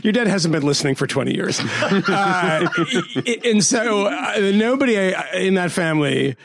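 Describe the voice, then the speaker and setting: A man's voice: high voice, animated, moderate pace, gravelly, a crowd in the background. A man hosting a casual podcast chat, wry and rambling, laughing often between his jokes. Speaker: podcast host.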